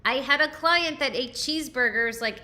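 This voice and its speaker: A woman's voice: high-pitched, moderate pace, bright, forceful tone. A woman hosting a live nutrition training, coaching emphatically with rhetorical questions and frequent check-ins. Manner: emphatic, asks rhetorical questions and tags lines with "okay?".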